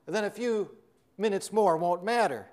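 A man voicing a calm, unhurried old farmer father in a sermon story, speaking gently and softly. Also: high voice.

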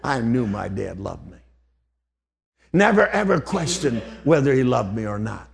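Older man, gravelly, old-fashioned preaching, hushed to fervent. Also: medium pitch, big pitch swings, unhurried. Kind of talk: sermon.

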